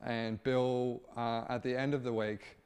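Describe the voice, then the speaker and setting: A man giving satirical political commentary, mid-pitched and informal. He often stumbles and restarts his phrases, and his delivery stays loose and conversational throughout. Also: little pitch movement, a little slow, darkish tone. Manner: informal, repetitive restarts, occasional swearing.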